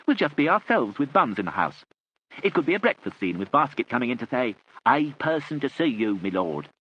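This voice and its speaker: A man voicing an excitable young girl who rushes eagerly through her ideas. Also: mid-range voice, muffled recording, slight background noise, pitched above the performer's own voice, close to an everyday voice. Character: quick-talking excitable girl Frid.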